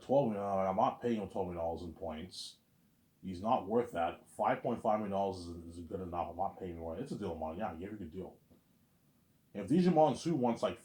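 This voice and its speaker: A man's voice: on the low side, a little mellow. A man talking in a casual, rambling monologue, repeating himself and dropping in fillers like "obviously" as he goes. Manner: rambling and repetitive, lots of "obviously" and "you know what I'm saying". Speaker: vlogger. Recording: roomy echo.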